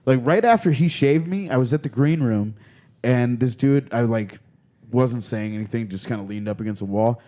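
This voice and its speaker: A man co-hosting a podcast, telling stories in loud, laughing, profane casual banter. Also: medium pitch, moderate pace. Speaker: podcast co-host.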